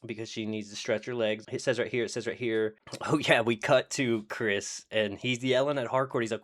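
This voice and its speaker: A man's voice: medium pitch, fairly even intonation, moderate pace, fairly bright tone. A man casually recapping TV episodes in a rambling, profane, sarcastic way, full of fillers and restarts. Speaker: TV show reviewer.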